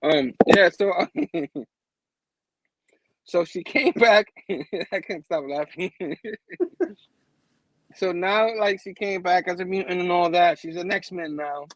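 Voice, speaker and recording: Man, high-pitched voice, casual rambling comic recap, chuckles a lot, dry close sound. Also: slow, dry recording, rough recording. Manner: rambling, chuckles often, many fillers. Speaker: comic book reviewer, show host.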